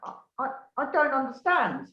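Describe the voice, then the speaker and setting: A woman's voice: high-pitched, big pitch swings, moderate pace. A woman playing Dr Watson, meek and stammering. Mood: hurt. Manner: hesitant, stammering, eager to please. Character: meek devoted sidekick Doctor Watson. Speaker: sketch performer. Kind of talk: live comedy sketch. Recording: echoey lo-fi live recording.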